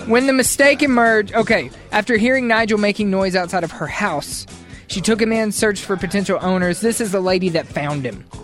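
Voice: medium pitch, brisk, fairly bright tone, soft background music. A co-host who reads out offbeat news stories and breaks in with joking asides. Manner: joking asides while reading. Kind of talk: reading news stories with banter.

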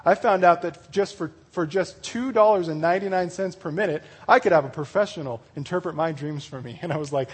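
A man's voice: sits high, fast talker, few pauses, slightly rough. A man, a youth pastor, giving a casual sermon with scripture reading. He talks in a laid-back, conversational way and retells stories in slangy voices.

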